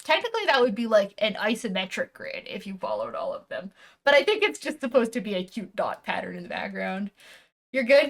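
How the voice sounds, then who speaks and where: A woman's voice: mid-range voice, fairly bright tone. A woman streamer chatting casually while unboxing, rambling and correcting herself, with a casual swear here and there.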